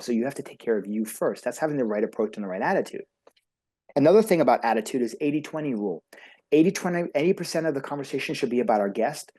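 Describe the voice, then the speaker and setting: Fast-talking man, eager coach. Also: medium pitch, mellow, breathy edge. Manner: talkative, enthusiastic, emphatic. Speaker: beauty industry coach, podcast guest. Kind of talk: energetic motivational talk.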